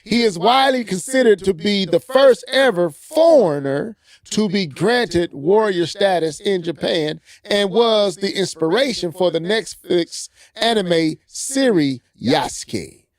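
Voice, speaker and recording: A man's voice: high voice, animated, measured pace. A man co-hosting a casual gaming podcast, reading an article aloud and breaking off with playful asides. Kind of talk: casual gaming news chat.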